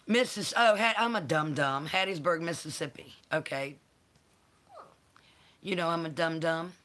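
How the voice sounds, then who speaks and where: Slow-talking woman host. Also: sits low, a bit bright. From North Carolina. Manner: affectionate, calls viewers honey and baby. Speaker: channel host. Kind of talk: live-stream chat, greeting viewers.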